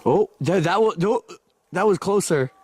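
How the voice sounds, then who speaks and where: Young guy ghost hunting in the woods, kinda high voice, earnest then jumpy. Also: normal speed, a little hiss or hum. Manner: earnest questioning, excitable reactions. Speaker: ghost hunter. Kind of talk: casual chat. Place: outdoors in a forest at night.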